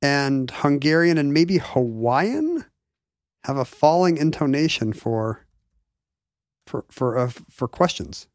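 A man co-hosting a casual chat, wondering aloud with wry quick asides. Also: mid-range voice, expressive, no echo, clean studio sound.

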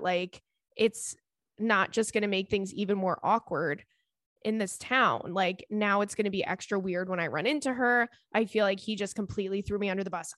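Reading out letters from listeners on her relaxed podcast, a young woman responds with animated indignation and frequent cursing. Her voice is medium-pitched and the recording has no room sound.

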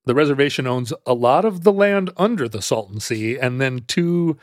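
A man's voice: medium pitch, expressive, moderate pace, no echo. Rambling male podcast storyteller, dry sound. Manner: rambling storyteller, frequent restarts and fillers, laughs easily. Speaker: podcast co-host explaining history. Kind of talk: casual conversational explanation.

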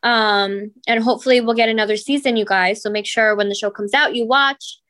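A woman co-hosting a casual chat show, reacting with quick questions and comments. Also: on the high side, fairly even intonation, a bit bright. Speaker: podcast co-host.

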